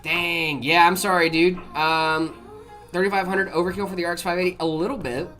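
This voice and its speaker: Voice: medium pitch, flat delivery, brisk, a bit bright. Laid-back livestream host, casual chat, lots of fillers, reads viewer questions aloud, faint music behind.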